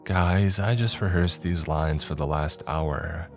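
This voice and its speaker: A man's voice: deep voice, slow pace, soft background music. A man voicing a kind teenage girl who acts in summer theater. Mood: earnest.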